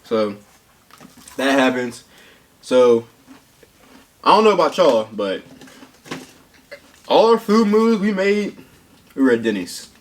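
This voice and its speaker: A young man casually telling a funny story on a mukbang, slangy and animated, laughing as he goes. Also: mid-range voice, takes it slowly, pauses often. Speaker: mukbang co-host. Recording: distant mic with background noise.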